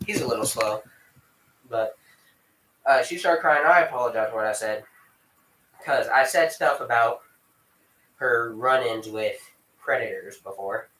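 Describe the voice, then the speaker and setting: A man's voice: mid-range voice, a bit bright, far from the mic. A young man telling a rambling personal story in casual vlog style, swearing freely and breaking off to scold his dog. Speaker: vlogger. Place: room at home with dogs. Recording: echoey room.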